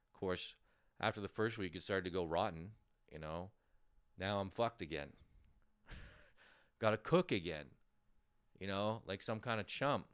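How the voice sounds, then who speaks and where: A man's voice: low voice, moderate pace, fairly bright tone, smooth. A man hosting a casual comedic monologue from home, rambling, self-mocking and swearing freely. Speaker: podcast host.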